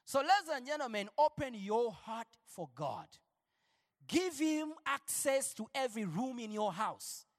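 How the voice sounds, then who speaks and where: A male preacher giving an impassioned sermon, shifting between quiet lines and shouted declarations. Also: very high-pitched, big pitch swings, unhurried, big-room sound.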